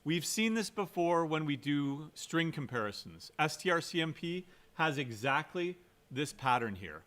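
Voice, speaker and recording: Guy lecturing on code, bright voice, chatty, lots of "right?" and uh's. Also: on the high side, very animated, unhurried. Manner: conversational, keeps asking "right?"; fillers and restarts, emphatic. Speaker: computer science lecturer. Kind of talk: recorded lecture.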